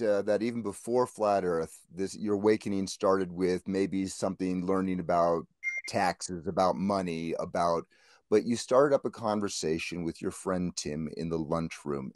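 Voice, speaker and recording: A man's voice: low-pitched, darkish tone, no room sound. A man calling in to a talk show, asking curious, detailed questions. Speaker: caller. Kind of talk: casual interview questions.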